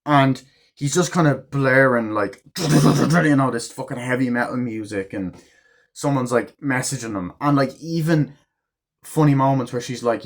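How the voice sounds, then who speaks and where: A man's voice: mid-range voice, moderate pace. A man giving a casual, rambling movie review at home, full of swearing and fillers. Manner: rambling, profane, filler-heavy retelling.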